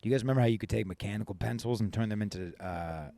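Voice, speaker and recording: A man with a fairly low voice hosts a casual podcast chat. He talks in a laid-back way, swears freely and pokes fun at himself. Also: racing, gravelly, warm tone. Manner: laid-back, profane and self-mocking. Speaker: podcast host.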